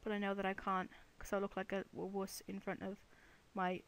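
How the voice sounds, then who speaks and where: A woman's voice: medium pitch, completely flat delivery, a little fast. A woman giving casual, chatty commentary while playing a video game, playfully talking to the animals and monsters on screen. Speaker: let's play gamer.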